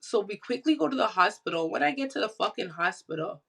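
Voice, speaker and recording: Bright-voiced Toronto woman telling a story. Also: mid-range voice, quick pace, gravelly, breathy edge, poor audio. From Canada. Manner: animated, swears freely, acts out quoted voices. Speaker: podcast guest, musician. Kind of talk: casual storytelling.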